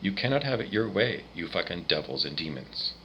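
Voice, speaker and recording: A man from Canada ranting angrily, swearing often and swinging between loud outbursts and quieter muttering. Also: low-pitched, very animated, brisk, slight background noise, low-quality recording. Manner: profane, agitated ranting with swings in loudness. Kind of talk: angry rant monologue.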